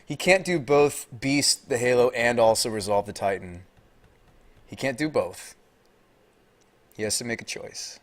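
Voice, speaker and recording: Excitable American man commentating a card game. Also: unhurried, pauses often. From United States. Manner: excitable, talks to chat and opponent, gets loud and high when tense.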